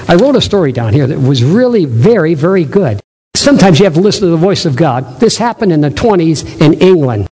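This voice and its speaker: Man, pastor, sermon, high-pitched voice, emphatic repetition, long hall reverb. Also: darkish tone. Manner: emphatic, repeats key phrases.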